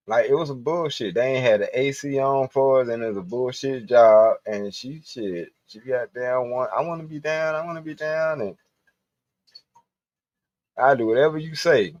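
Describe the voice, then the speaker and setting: A man's voice: mid-range voice, a little mellow, no echo, lo-fi sound. A man hosting a livestream, telling loose, profane stories with frequent laughter. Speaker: livestream host. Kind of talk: casual storytelling.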